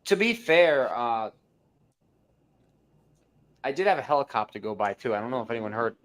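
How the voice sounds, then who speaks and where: A man at an ordinary pitch co-hosting a fan game stream. He talks loosely, teases his co-hosts, and laughs often. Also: big pitch swings, moderate pace, a little hiss or hum. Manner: laughing, teasing banter. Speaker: co-commentator. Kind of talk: fan livestream sports commentary.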